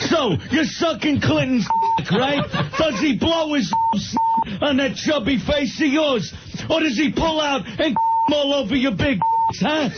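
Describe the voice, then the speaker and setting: A man putting on a crude, abusive stand-up comic who shouts insults and cackles. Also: very high-pitched, lively intonation, slow, voice pushed up, exaggerated voice. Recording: muffled radio tape with hiss.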